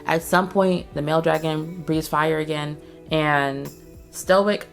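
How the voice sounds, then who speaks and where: Profane, animated woman recapping a movie. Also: low voice, measured pace, creaky, faint music behind. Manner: profane, slangy, animated storytelling. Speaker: host.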